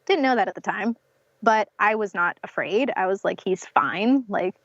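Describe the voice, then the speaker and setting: A young North Carolina woman, appearing as a podcast guest, tells the host her personal birth story in an interview. She speaks at a middle pitch and moderate pace, packs in fillers like "um" and "like," and acts out what other people said. The audio is dry and slightly muffled, with no echo.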